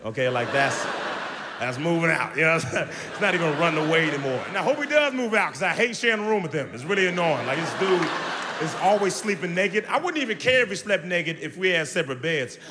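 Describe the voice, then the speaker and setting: A young man doing a loud, animated stand-up comedy set on stage, jumping into high shouts. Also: fast, background noise. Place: large comedy venue on stage. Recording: live show in a hall with audience.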